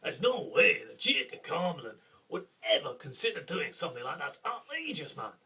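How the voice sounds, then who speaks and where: A man's voice: on the high side, huge pitch swings, fairly quick, husky, distant mic, heavily acted. A man hamming up a brash mock-Scottish duke. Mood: outraged. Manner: loud, blustering, hammy. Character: brash male duke with a put-on Scottish accent.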